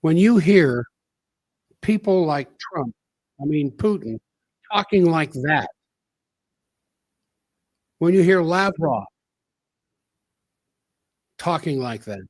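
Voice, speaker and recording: A man with a slightly high, husky voice delivers a solo commentary show in an emphatic style. He hammers his points home by repeating key phrases. The sound is dry and close, with no room echo. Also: expressive, slow pace, long pauses. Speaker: political commentary host.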